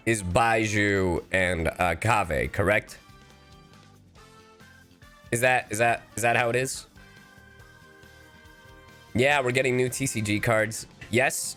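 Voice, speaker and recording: A man's voice: mid-range voice, fairly bright tone. A man chatting casually on a live stream, playful and a bit goofy, slightly sick with a cough. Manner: playful, goofy asides and repeated phrases.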